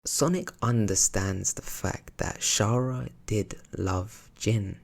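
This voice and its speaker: A man's voice: lowish voice, slow, creaky. A young man giving casual, reflective analytical commentary on a video game series. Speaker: video essayist. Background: background music.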